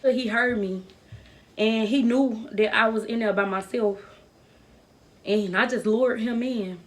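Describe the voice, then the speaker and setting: A young woman recounts a personal story in a storytime vlog, her voice sitting a little high. She talks earnestly and with open emotion. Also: fairly even intonation, unhurried. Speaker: vlogger telling a personal story.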